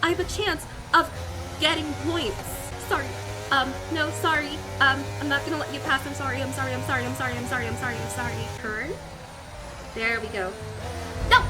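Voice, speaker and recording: A woman's voice: high voice, moderate pace, loud music behind the voice. Giggly young woman narrating gameplay. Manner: excitable, giggly, apologetic, self-mocking. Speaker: gaming vlogger. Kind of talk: narrated gameplay vlog with live reactions. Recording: noisy game audio behind.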